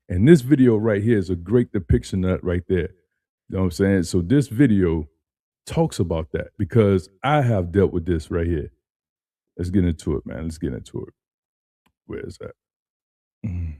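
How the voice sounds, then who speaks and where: Male reaction host, low dark voice, dry close sound, slangy and repetitive. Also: lively intonation, normal speed, long pauses, no room sound. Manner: loose, slangy, repeats phrases, adds "man" often. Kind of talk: casual reaction commentary.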